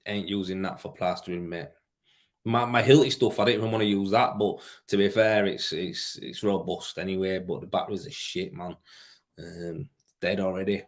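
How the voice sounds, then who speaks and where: Man, thirties, low-ish voice, tired, casual live-stream chat, slangy, keeps saying mate. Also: steady tone, moderate pace. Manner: laid-back, slangy, calls viewers mate, reads comments aloud. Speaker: plasterer livestream host.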